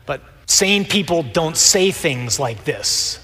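Man, preacher, lively sermon, acts out voices, slightly high voice, long hall echo. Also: slow pace. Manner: animated, acts out voices of the people in the stories.

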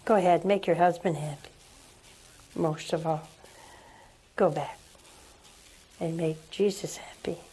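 A woman hosting a religious call-in show, where callers address her as Mother. She speaks in a slow, unhurried way, gently preaching and lingering on key words as she counsels. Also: sits low, fairly even intonation, husky.

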